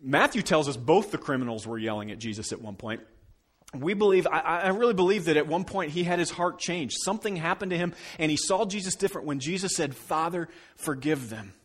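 Expressive male pastor preaching a sermon. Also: on the high side, fast, slightly rough. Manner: expressive, conversational preaching with dramatic quiet drops.

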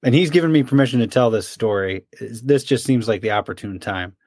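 A man's voice: mid-range voice, fairly quick, no room sound. A young man in mid register tells a running story to his co-host, loose and chatty, acting out his friend's whining lines. The sound is dry and close, with no room around him. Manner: animated storyteller, mimics his friend's complaints. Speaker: podcast co-host. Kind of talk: casual storytelling chat.

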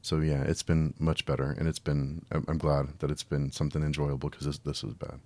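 A man's voice: very deep voice, monotone, brisk, a little mellow, no room sound. A man hosting a solo film review podcast, talking casually with frequent restarts and an exasperated tone. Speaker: podcast host.

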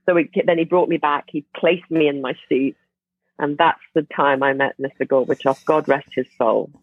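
Animated woman telling a story over a phone line. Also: sits low, normal speed. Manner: animated, laughing, many restarts. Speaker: podcast guest. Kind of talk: casual storytelling.

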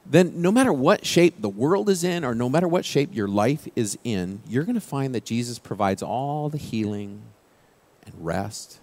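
A male pastor preaching a sermon in a conversational way, dropping his voice low and quiet for key quoted phrases. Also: no room sound.

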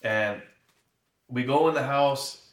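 A man's voice: medium pitch, takes it slowly. A man giving a tearful, shaky personal testimony, acting out the dialogue in his story. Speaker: guest. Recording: echoey room, mic at a distance.

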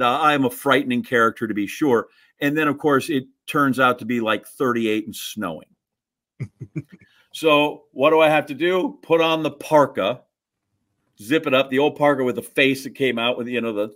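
A middle-aged man from Wisconsin co-hosting a casual podcast. He tells stories with animated, mock-indignant energy and laughs at himself. His voice sits at an ordinary pitch. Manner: animated storyteller, mock-indignant, self-mocking. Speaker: podcast co-host. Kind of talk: casual storytelling chat.

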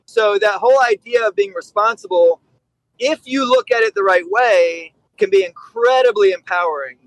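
A man's voice: sits high, normal speed, no echo, low-quality recording. A middle-aged man, a podcast guest who trains dogs, telling stories in a candid, blunt way. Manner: candid, blunt, acts out quotes. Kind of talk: casual storytelling.

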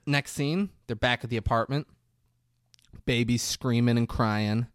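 A man's voice: medium pitch, measured pace, dry recording, studio quality. A man in casual chat, animatedly retelling a movie scene and acting out the quotes, with lots of "like" and laughter. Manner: animated storyteller, acts out quotes loudly; frequent "like" and laughter. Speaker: podcast co-host.

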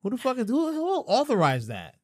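A man in his thirties co-hosting a podcast, chatting casually, playful and animated, swearing freely. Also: extremely high pitch, brisk, husky, dry recording, studio quality. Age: 30s. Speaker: podcast co-host. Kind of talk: casual chat. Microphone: studio microphone.

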